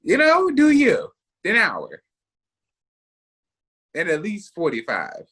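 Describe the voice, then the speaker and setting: A man's voice: high voice, huge pitch swings, slow, a bit bright, husky. A man co-hosting a podcast, teasing his co-host in casual banter and laughing often.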